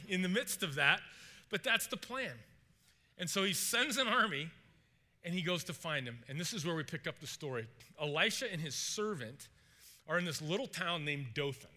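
Animated high-voiced man preaching. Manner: animated storytelling, acts out characters' panic, asks the congregation questions. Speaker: pastor. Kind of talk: sermon.

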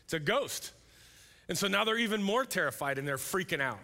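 Animated male pastor in a reverberant hall. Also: sits high, fairly quick, gravelly. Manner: conversational, animated, acts out voices. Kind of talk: sermon.

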